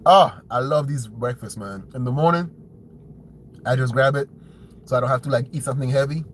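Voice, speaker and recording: A man's voice: a little fast, a little hiss or hum, poor audio. A man hosting a commentary show, ranting bluntly with profanity and a habit of asking "right?". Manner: blunt, profane, mocks opponents in shrill put-on voices. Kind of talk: opinionated commentary rant.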